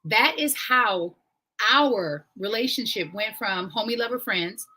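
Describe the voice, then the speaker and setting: Woman host, husky voice, animated and emphatic, casual live-stream talk mixed with book reading. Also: a little slow, low-quality recording. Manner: animated and emphatic, swings up in pitch when excited. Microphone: home live-stream mic.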